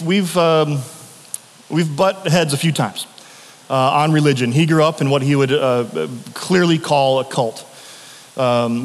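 A man's voice: on the high side, big-room sound. A man preaching a sermon as pastor, telling stories in a loose conversational way with frequent restarts.

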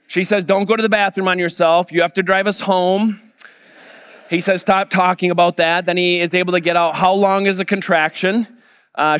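High, smooth-voiced man preaching. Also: dry recording, in a large hall. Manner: storytelling, quoting others in a lively voice. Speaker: pastor. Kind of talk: sermon with anecdote.

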